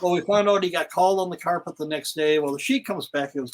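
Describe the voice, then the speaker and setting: An older man with a slightly raised pitch spins road stories in a loose, chatty way. He jumps into the voices of the people he quotes as he tells them. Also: quick pace, rough recording. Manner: animated storyteller, acts out quotes. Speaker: guest, retired pro wrestler. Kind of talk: casual interview storytelling.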